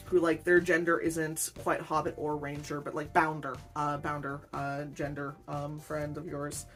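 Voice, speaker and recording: Low-voiced woman host, chatty and rambling, casual home vlog. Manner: chatty, rambling, self-deprecating, laughs often. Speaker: weaver, channel host.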